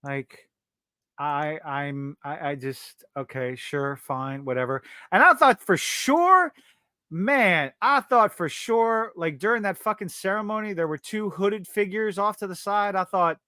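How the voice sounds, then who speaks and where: A man's voice: sits high, measured pace, bright, forceful tone, clean tone, no room sound, clean studio sound. A man hosting a live-stream podcast, ranting about a show with heavy swearing and exasperation. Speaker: podcast host.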